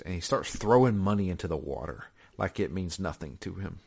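A man's voice: low voice, expressive, moderate pace, few pauses, husky. A married man casually recapping a video game he played, rambling with many fillers and restarts. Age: adult, married. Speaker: podcast co-host recapping a game. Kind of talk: casual chat.

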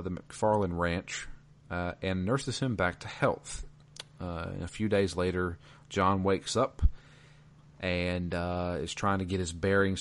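A man from the American South, chatting casually as a podcast co-host and recounting a video game with many fillers. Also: low-pitched. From Georgia, US South. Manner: relaxed, rambling with many fillers.

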